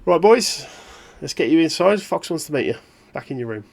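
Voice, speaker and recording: A man with an English accent voicing a cocky male henchman who gives brisk, chirpy orders. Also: on the high side, expressive, gravelly, darkish tone, faint music behind, pitched above the performer's own voice.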